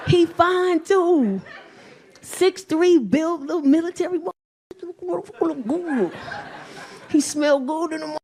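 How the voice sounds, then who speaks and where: A woman in her forties doing stand-up comedy. Her voice sits high, and she tells her stories crudely and brashly, laughing along with her own jokes. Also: unhurried, darkish tone. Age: 40s.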